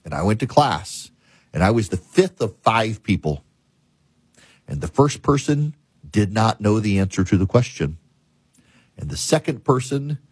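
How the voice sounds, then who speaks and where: A man with a husky voice delivers a talk show monologue. He tells a story and explains in an emphatic, deliberate way. His pitch sits in the middle, and the recording is close and dry. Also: no room sound.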